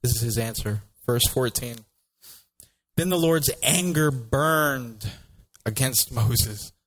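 A man preaching a sermon as pastor, lively and joking, acting out voices of biblical figures. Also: medium pitch, slow, poor audio.

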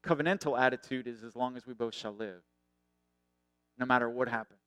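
A middle-aged man preaching a sermon earnestly, raising his voice and then dropping to a hush. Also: medium pitch, fairly quick, clean tone, no room sound. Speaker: pastor.

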